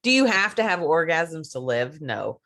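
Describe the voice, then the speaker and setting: A woman's voice: low-pitched, sing-song, moderate pace, a bit bright. A woman guest in a casual podcast chat, working as an intimacy coach; she talks enthusiastically and laughs often.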